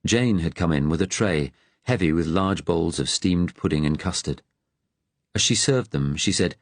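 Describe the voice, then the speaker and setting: A man reading a novel aloud in measured, even-toned narration. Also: very deep voice, no room sound. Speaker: audiobook narrator. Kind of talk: scripted audiobook narration.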